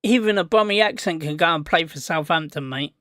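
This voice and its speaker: A man's voice: fairly high pitch, fairly quick, sharp tone, dry recording, clean studio sound. Rambling man on a football stream. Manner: rambling, chatty, answers viewers in chat. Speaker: streamer hosting a football watch-along. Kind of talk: casual live watch-along chat.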